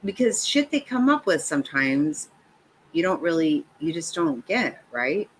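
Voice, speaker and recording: A middle-aged woman runs a livestream, chatting casually in a low-pitched, unhurried voice and laughing as she tells lively stories. Slight background noise accompanies a rough recording.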